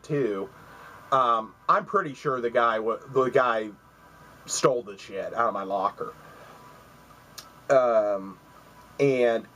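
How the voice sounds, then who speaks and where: A man's voice: medium pitch, a bit bright, rough recording. A man in his forties spins a long, rambling story straight to camera, swearing freely. He acts out the other people's lines in his own mid-range voice. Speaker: vlogger.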